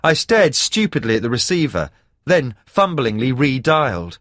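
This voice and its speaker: A male audiobook narrator with a mid-pitched voice, reading a first-person thriller with measured, expressive delivery. His intonation rises and falls a great deal, and the close studio recording is completely dry. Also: dry recording. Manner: measured storytelling with expressive emphasis.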